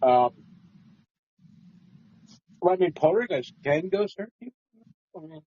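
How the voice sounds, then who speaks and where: A man co-hosting a casual book chat podcast, joking and rambling with big swings in pitch. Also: lively intonation, slow pace. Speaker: podcast co-host. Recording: dull lo-fi home podcast audio.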